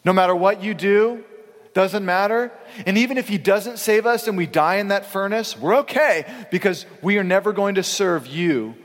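A man's voice: high voice, long reverb tail. A man pastor preaching a sermon in a conversational, emphatic way, acting out quoted speakers.

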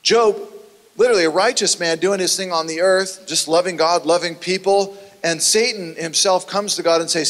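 A man preaching a sermon in an earnest, conversational way that sometimes turns animated. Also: high-pitched, moderate pace. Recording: long hall reverb.

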